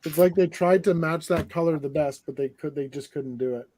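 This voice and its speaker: Man, casual host, chatty storyteller, mellow tone, faint background noise. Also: fairly high pitch, fairly quick. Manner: chatty, laughs while telling stories. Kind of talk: casual chat while building sets.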